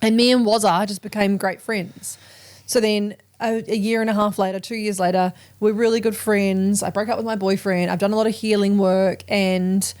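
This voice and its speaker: A woman's voice: mid-range voice, fairly even intonation, moderate pace, darkish tone. A woman in her thirties with an Australian accent, hosting a podcast and telling a story in casual chat, swearing freely and acting out the voices of people she quotes. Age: 30s. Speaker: podcast host.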